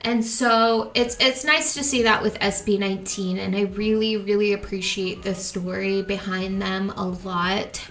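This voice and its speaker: A woman's voice: mid-range voice, fairly even intonation, a little slow, hardly any pauses, a bit bright, faint music behind. A young woman hosting a reaction video, talking casually and emotionally, rambling and stumbling over her words. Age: young adult.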